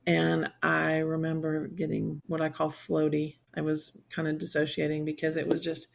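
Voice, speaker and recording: Candid woman with a gravelly voice. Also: sits low, monotone, moderate pace. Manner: candid, rambling, acts out quoted voices. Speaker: guest, survivor advocate. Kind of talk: personal storytelling in a podcast interview.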